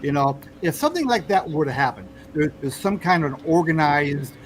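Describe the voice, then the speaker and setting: A man's voice: fairly high pitch, lively intonation, a little fast, low-quality recording. Hesitant American man, faint background noise. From United States. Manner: hesitant, many fillers and restarts, pushes back. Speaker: host. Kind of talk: casual political chat.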